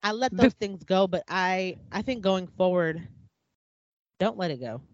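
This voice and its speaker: A woman's voice: lowish voice, animated, a little slow, no echo. Candid, reflective woman in casual talk. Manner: candid, reflective, talks with restarts and "like". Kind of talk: casual conversation. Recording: slightly dull dry sound.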